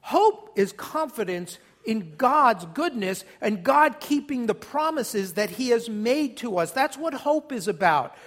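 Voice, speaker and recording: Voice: mid-range voice, expressive, measured pace, hardly any pauses. A pastor preaching a sermon to a congregation, emphatic and encouraging, leading the church in repeating a phrase back. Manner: emphatic, leads congregation in call-and-response.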